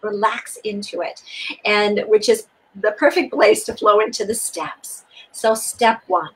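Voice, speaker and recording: A woman co-hosting a spiritual talk, explaining steps in an expressive, soothing and repetitive way. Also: medium pitch, measured pace, breathy edge, rough recording. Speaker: co-host. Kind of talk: spiritual teaching conversation.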